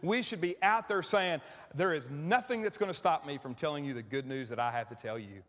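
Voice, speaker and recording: A man's voice: fairly high pitch, brisk, a bit bright. A middle-aged man preaching a sermon as pastor, conversational and emotional, often restarting his sentences. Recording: church hall with long reverb.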